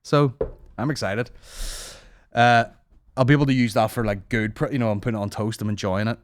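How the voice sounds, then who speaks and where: A man's voice: mid-range voice, fairly even intonation, a little fast, no echo, studio quality. Profane man in his thirties ranting. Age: 30s. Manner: profane, rambling, sarcastic. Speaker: podcast host. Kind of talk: casual comedy podcast rant. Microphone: studio microphone.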